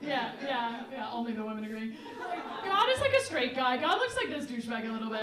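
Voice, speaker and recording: A young woman doing stand-up crowd work, brash and quick, laughing between jokes. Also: on the high side, sing-song. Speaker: stand-up comedian. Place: comedy club stage before a live audience. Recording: roomy live mic from a distance, loud crowd.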